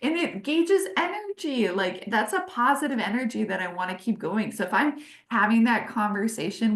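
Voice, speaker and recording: A woman in her forties teaching a leadership webinar over a video call, animated and emphatic, leaning into key words. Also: medium pitch, vocal fry, reverberant. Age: 40s. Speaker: leadership consultant hosting a webinar.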